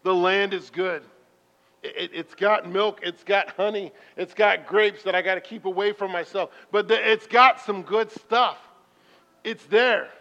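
A man with a high voice preaches in a church sanctuary. He tells his stories in a chatty, self-deprecating way and now and then breaks into loud bursts. The sound is muffled, with a long hall echo. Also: steady tone, unhurried. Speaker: pastor. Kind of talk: sermon. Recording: muffled reverberant hall recording.

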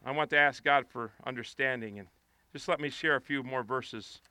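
A man preaching a sermon outdoors, impassioned and rising to pleading shouts. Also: mid-range voice, moderate pace, clear, resonant tone, no echo.

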